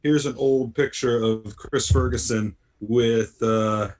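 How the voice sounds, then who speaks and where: A man's voice: medium pitch, fairly even intonation, takes it slowly, darkish tone. Brief: man, poker-stream co-host, dry teasing banter. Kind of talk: casual live-stream banter.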